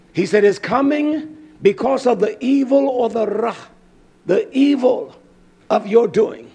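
A man preaching a fiery sermon, fervent and emphatic, drawing out words and breaking into shouts. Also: high voice.

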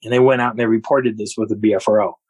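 Husky-voiced man telling a story. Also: fairly low pitch, racing, no echo, lo-fi sound. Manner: animated, laughs often. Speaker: podcast guest. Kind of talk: storytelling an encounter.

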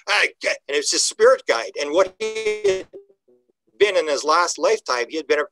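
An older man, a guest on a podcast, telling stories in an animated way, acting out quoted dialogue and often restarting his sentences. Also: fairly high pitch, moderate pace, creaky, low-quality recording. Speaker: guest UFO researcher. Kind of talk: conversational podcast interview.

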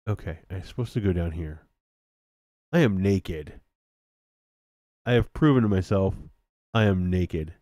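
A man talks through his game stream in a loose, self-mocking way, often laughing at his own mistakes. His voice sits a little low and he takes his time. The sound is dry and close. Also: measured pace, pauses often, warm tone, dry recording. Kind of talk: casual gameplay commentary.

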